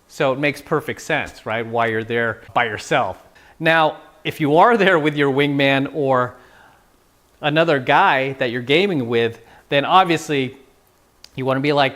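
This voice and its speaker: A man's voice: fairly high pitch, normal speed, a bit bright. A man giving casual, playful dating advice, now and then acting out quoted lines. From San Francisco. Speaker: dating coach. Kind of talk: casual instructional talk.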